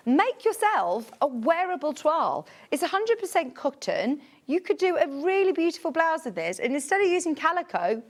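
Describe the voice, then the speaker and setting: A woman hosts a live sales show from a studio, chatting warmly about fabrics and gushing over each one. Her voice sits a little high and swoops up sharply whenever something delights her. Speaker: shopping channel presenter.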